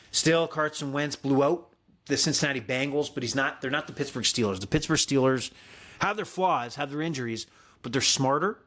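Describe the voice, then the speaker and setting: A man's voice: mid-range voice, fairly bright tone. Man rambling through betting picks. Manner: rambling, frequent fillers and self-corrections. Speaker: sports betting podcast host. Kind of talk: casual sports betting talk.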